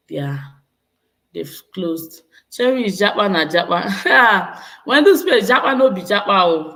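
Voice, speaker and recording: A woman's voice: on the low side, fairly bright tone. A Nigerian woman in her thirties chatting casually with viewers, laughing often and switching between English and Pidgin. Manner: laughs often, slips into Pidgin, repeats herself. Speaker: vlogger reading live chat. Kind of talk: casual live-stream chat.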